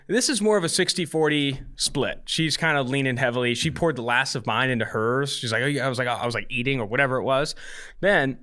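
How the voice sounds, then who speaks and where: A man, co-hosting a podcast and telling a long story in an animated, casual way. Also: mid-range voice. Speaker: podcast co-host.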